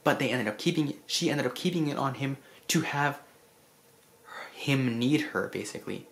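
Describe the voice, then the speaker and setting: A vlogger casually recapping a film in an effusive, rambling way, full of restarts and asides, clearly moved by the story. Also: mid-range voice, animated, normal speed, fairly bright tone. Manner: emotional about the story.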